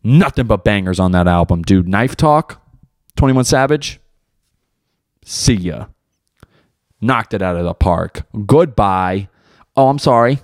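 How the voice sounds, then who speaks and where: Profane, rambling young guy, low voice. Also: expressive, measured pace, long pauses, no echo, studio quality. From United States. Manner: loose, rambling, profane, slangy. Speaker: podcast host and beginner stand-up comic. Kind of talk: casual solo podcast talk.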